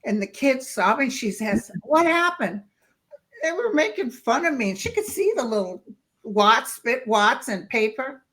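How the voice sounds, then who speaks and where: A woman guest telling stories in casual chat, lively and acting out the voices of people she quotes. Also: on the high side, moderate pace. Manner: lively storyteller who acts out quoted voices.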